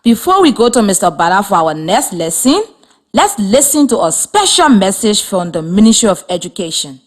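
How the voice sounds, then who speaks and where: A woman teacher giving a reading lesson for young children, speaking slowly and clearly with encouraging classroom delivery and a Liberian accent. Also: mid-range voice, sing-song, a little hiss or hum.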